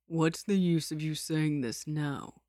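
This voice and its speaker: A woman puts on a cold young man with a sharp temper who gives clipped, flat replies. The voice sits low and is dry and close to the mic. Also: slow pace, no echo.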